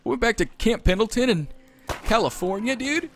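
A woman's voice: fairly high pitch, expressive, normal speed, soft background music. A woman streaming a co-op game, bantering crudely and swearing constantly, tossing in dude and bro. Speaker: gaming streamer. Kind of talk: profane improvised co-op gaming banter.

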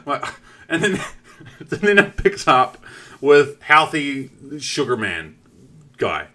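Bright-voiced New Zealand man, swearing. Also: mid-range voice, drawn-out words, long pauses. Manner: animated storytelling, swears often. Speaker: streamer. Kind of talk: casual live-stream chat.

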